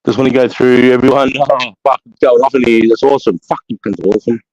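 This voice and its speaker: Aussie bloke host, mid-pitched, dry close sound, swears freely while thanking viewers one by one. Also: male voice, steady tone, fast talker, no room sound, lo-fi sound. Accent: Australian. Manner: sweary, matey shout-outs to chat. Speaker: livestream host. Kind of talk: casual livestream chat.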